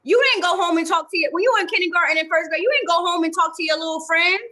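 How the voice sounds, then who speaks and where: A woman on a casual podcast chat, speaking earnestly and working out her thoughts aloud. Her voice is high and bright, with a sharp edge. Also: very fast. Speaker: podcast co-host.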